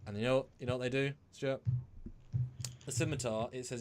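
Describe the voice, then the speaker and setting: A man co-hosting a casual livestream, telling a silly story in a rambling, animated way. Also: mid-range voice, fairly quick, long pauses, a little hiss or hum. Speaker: co-host.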